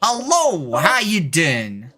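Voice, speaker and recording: A woman putting on a loud, over-the-top Texas accent to play a meat-loving rancher's daughter who keeps tacking on "so I am". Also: on the low side, huge pitch swings, slow, exaggerated voice. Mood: hammy drawl. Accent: put-on Texas accent. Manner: drawling, shouting, tacks on "so I am".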